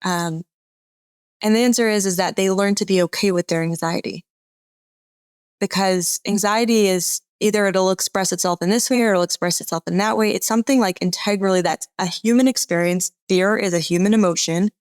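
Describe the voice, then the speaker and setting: A woman from Atlanta, a parenting expert talking as a guest in a casual podcast interview, chatty and expressive with lots of "like". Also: medium pitch, brisk, smooth, no room sound, clean studio sound. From Atlanta, USA. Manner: chatty and expressive, heavy use of "like".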